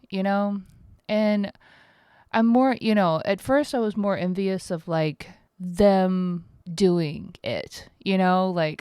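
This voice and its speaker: A woman's voice: medium pitch, measured pace, a little mellow, clean tone, dry recording, clean studio sound. A woman in her thirties hosting a casual solo podcast from home, tired, rambling and candid, swearing freely. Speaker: podcast host.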